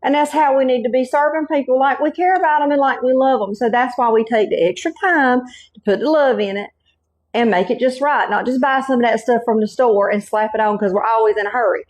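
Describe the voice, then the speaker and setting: A woman's voice: on the high side, brisk. A middle-aged woman with a Southern Carolina accent, hosting a home cooking demonstration in a folksy, chatty way. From North Carolina. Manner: folksy, chatty, keeps saying y'all and okay. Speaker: cooking channel host.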